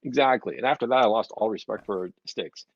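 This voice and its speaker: A man hosting a stream, chatting casually with a profane, rambling, animated way of telling stories. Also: lowish voice, brisk, breathy edge, no room sound. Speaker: stream host. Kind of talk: casual podcast chat. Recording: dry, dull lo-fi sound.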